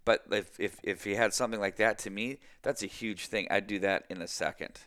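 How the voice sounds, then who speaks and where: A man hosting a podcast who speaks candidly and haltingly, restarting his sentences often. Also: fairly low pitch, fairly even intonation, a bit bright. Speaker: podcast host. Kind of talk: podcast conversation.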